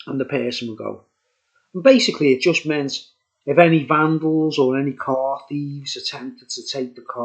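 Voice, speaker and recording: Chatty man in his sixties, lo-fi sound. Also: medium pitch. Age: 60s. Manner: chatty, digressive, chuckling asides. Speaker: vlogger. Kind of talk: rambling casual storytelling to viewers. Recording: dull lo-fi recording.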